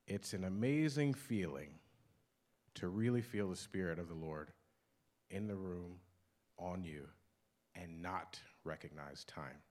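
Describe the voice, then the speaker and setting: A man speaking earnestly to a congregation in a testimony-style talk. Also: a bass voice. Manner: earnest, growing excited.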